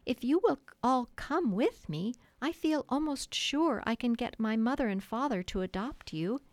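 A woman's voice: on the high side, animated, normal speed, no echo, voice pushed up. A woman voicing a kind, motherly young girl who speaks in a coaxing, earnest way. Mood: tender.

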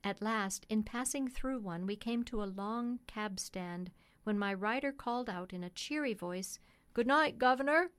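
A woman narrating a classic storybook in a steady, gentle, measured way. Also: mid-range voice, clean tone. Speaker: audiobook narrator.

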